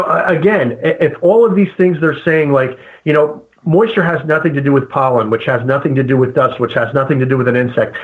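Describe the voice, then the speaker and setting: Man talking on a tinny phone-like line. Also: mid-range voice. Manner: halting, many fillers and restarts. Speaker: guest paranormal investigator. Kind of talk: casual interview talk. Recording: phone-like narrow sound.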